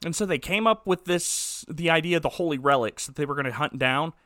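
A man co-hosting a casual comedy podcast, recapping a movie in an animated, joking way. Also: on the high side, a little fast, no room sound, clean studio sound. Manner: jokey, animated storytelling, puts on silly voices for characters.

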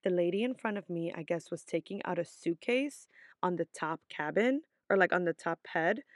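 A woman's voice: lowish voice, no echo, studio quality. A young adult woman vlogger telling a story in a casual, chatty way, full of swearing and "like" fillers.

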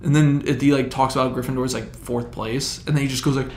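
A man in casual chat, telling stories in a lively, profane way. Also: mid-range voice, fast talker, a little hiss or hum. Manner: lively storyteller, profane, acts out what he thought. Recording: echoey room.

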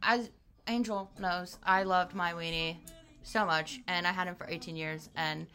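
A woman's voice: lowish voice, steady tone, unhurried, sharp tone, smooth, faint music behind. A young woman co-hosting a podcast, chatting casually with dry humor and frequent laughter. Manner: laid-back, dry humor, laughs often. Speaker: podcast co-host. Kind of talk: casual chat.

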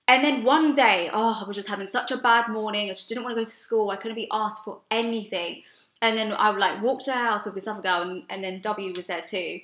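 Brief: young woman, podcast co-host, bright tone, roomy echo, candid storyteller. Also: medium pitch, a little fast. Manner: storytelling, swears freely, animated when excited. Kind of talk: casual chat.

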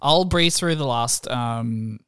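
A woman's voice: a bass voice, slow pace, fairly bright tone, clear, resonant tone, no room sound, studio quality. A woman co-hosting a podcast, chatting easily about films and TV and answering with short, agreeing replies. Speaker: podcast co-host. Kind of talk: casual chat about films and TV.

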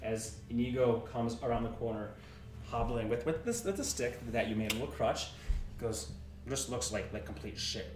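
A man narrating a tabletop game as game master, animated, stumbling over words and laughing. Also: medium pitch, moderate pace, echoey room, distant mic, noisy background.

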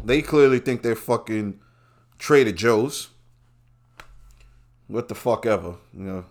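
A man, a podcast host talking in a brash, rambling, profane monologue that swings from quiet asides to loud outbursts. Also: medium pitch, big pitch swings, unhurried, pauses often. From Brooklyn, New York. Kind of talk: profane casual commentary monologue.

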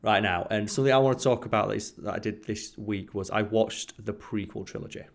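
Guy on a podcast, lowish voice, rambly, says like a lot. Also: brisk, creaky. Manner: rambling, lots of fillers and "like". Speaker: podcast co-host. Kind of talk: casual chat.

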